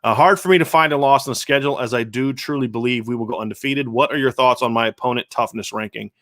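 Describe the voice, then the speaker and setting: A man's voice: mid-range voice, fast, fairly bright tone, no room sound, clean studio sound. A man hosting a live stream, reading viewer comments aloud and answering them in casual, earnest chat with frequent restarts. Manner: conversational, earnest, many restarts. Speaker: show host.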